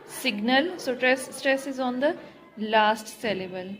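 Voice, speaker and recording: A woman teaching a grammar lesson to students, explaining slowly and repeating key words, switching into Hindi now and then. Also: on the high side, soft background music, low-quality recording.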